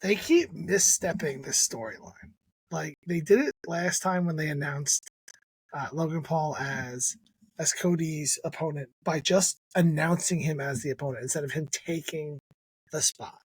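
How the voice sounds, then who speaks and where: A man's voice: a little high, a little slow, slightly rough, dry recording. A man co-hosting a podcast in casual chat, ranting emphatically and critically, often restarting his sentences. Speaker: podcast co-host.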